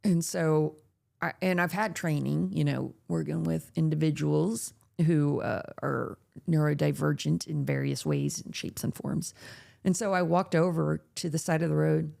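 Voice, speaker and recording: A woman's voice: sits low, a little slow, creaky. A woman hosting a late-night chat, telling a story casually and acting out the voices of people she quotes. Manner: animated, acts out quoted voices. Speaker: podcast host.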